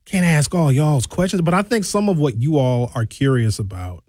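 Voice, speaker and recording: A man's voice: medium pitch, sing-song, moderate pace, few pauses, darkish tone, dry recording. A man hosting a radio talk show, reading listener texts aloud and answering them in a frank, conversational way from the studio. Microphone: studio microphone.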